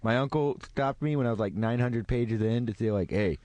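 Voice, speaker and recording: A man's voice: mid-range voice, brisk, darkish tone, dry recording. A man co-hosting a radio show, teasing his guest in casual banter. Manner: teasing, playful, jokey.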